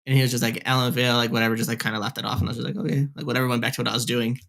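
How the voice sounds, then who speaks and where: A man's voice: mid-range voice, level tone, very fast, creaky, a bit bright. Rambling young man on a headset. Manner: rambling, heavy filler "like, whatever". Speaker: podcast co-host. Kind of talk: casual storytelling.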